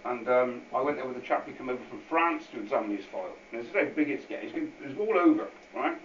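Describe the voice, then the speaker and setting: A man's voice: medium pitch, animated, fast. A man giving an informal, unscripted talk to a public meeting as a guest speaker. He rambles, repeats himself and adds many asides. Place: meeting hall with an audience. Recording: echoey, distant, dull hall recording with faint hiss.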